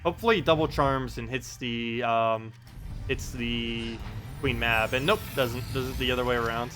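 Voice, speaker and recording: A man's voice: mid-range voice, steady tone, normal speed, over music. A man live-streaming a game in casual chat, reading out viewers' messages and laughing often as he talks. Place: home in South Carolina.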